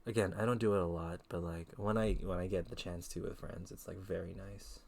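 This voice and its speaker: A man's voice: deep voice, steady tone, fairly quick, creaky, a little mellow. A man in his twenties from the Philippines, chatting casually and slangily on a live stream through a headset. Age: 20s. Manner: laid-back, slangy, chatty.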